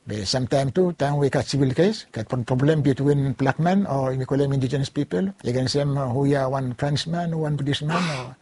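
Older Vanuatu man, husky pidgin recollection. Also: mid-range voice, darkish tone, no room sound. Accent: Bislama pidgin. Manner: halting, repetitive phrasing with French words mixed in. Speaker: lawyer recounting his career. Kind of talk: oral history recollection.

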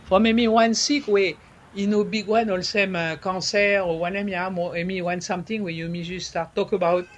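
A man, talking casually in an interview. He slips French words into his speech and pauses often to search for words. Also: high voice, fairly even intonation, lo-fi sound. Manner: searching for words, many fillers. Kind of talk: casual conversation.

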